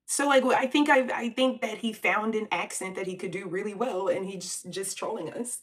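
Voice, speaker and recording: A woman's voice: mid-range voice, normal speed, hardly any pauses, a bit bright, recorded from a distance. A woman from the United States giving blunt, slangy opinion commentary in a vlog, laughing often and taking asides. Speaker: vlogger.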